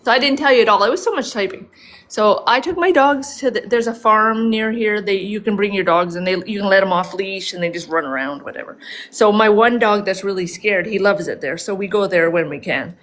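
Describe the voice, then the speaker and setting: A woman's voice: mid-range voice, fairly quick, a bit bright. A woman guest on a live stream, chatting casually and telling long, rambling stories. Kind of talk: casual chat.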